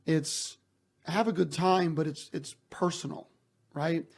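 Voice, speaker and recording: A man's voice: a little high, fairly even intonation, takes it slowly. A man speaking as a guest executive in an interview, earnest and emphatic, often repeating words as he starts a thought. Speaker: basketball team executive, guest. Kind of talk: interview answers.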